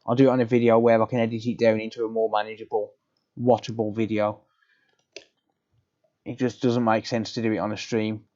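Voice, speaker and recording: A man's voice: lowish voice, flat delivery, fairly quick, long pauses, warm tone, dull audio. A man chatting casually on a live repair stream, explaining steps matter-of-factly with frequent ums. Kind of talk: casual live-stream chat answering viewers.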